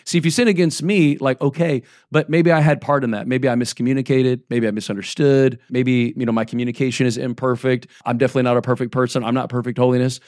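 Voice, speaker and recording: A pastor in his forties delivers a sermon in a relaxed, chatty way, reading scripture and then breaking off to check in with the listeners. His voice sits at an ordinary middle pitch for a man. It is recorded close and dry, with no room sound. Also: fast talker, few pauses, dry recording. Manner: conversational preaching with frequent checks like "right?" and "okay?"; reads scripture aloud between plain-spoken asides.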